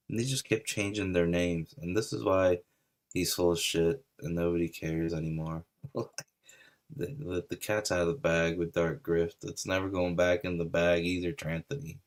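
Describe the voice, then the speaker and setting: A man's voice: deep voice, little pitch movement, moderate pace. A man ranting casually in a taunting, mocking way about an online feud. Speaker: stream commentator. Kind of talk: casual rant.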